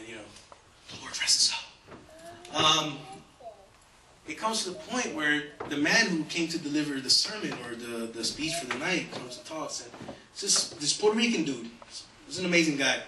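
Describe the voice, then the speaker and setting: Animated man telling a story on stage. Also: on the high side, background noise. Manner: animated, laughs through his own story. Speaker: stand-up comedian. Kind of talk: stand-up storytelling. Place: comedy stage. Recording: distant and echoey live venue recording.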